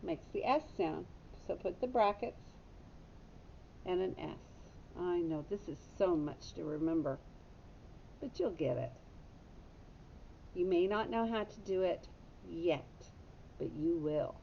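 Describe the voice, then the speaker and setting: A woman's voice: animated, unhurried, gravelly, pauses often, dark tone. A woman teacher giving a patient phonics lesson to young children, stopping to correct her own slips. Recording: dull lo-fi audio with faint rumble.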